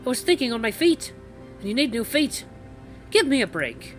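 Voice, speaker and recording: A man's voice: extremely high pitch, very animated, normal speed, a bit bright, soft background music, voice pushed up, exaggerated voice. Man doing a curt, exasperated young woman. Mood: scolding. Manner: curt, scolding.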